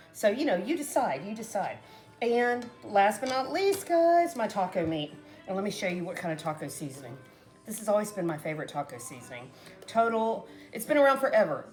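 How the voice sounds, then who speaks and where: A woman's voice: medium pitch, a little mellow. A middle-aged woman chatting casually to her viewers while making a salad, rambling and often trailing off mid-sentence. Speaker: cooking vlogger. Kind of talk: casual cooking chat to camera.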